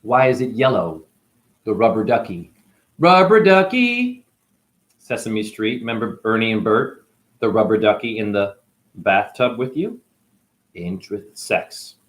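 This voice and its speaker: A man's voice: fairly low pitch, moderate pace. A man acting as a spiritual teacher, talking through a rambling monologue with free-associating wordplay and musing asides.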